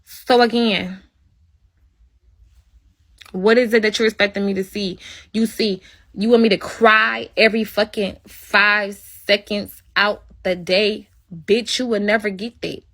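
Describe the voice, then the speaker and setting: Hosting her own livestream, this woman unloads an angry rant on her viewers, full of profanity and blunt confrontation. Her voice sits in the mid range, steady and fairly bright, and she speaks a little slowly.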